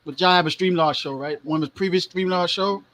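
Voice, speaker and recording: A man's voice: high voice, fast talker, a bit bright, poor audio. A man on a livestream panel, talking in a laid-back, slangy way. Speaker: panel guest. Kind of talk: casual livestream panel talk.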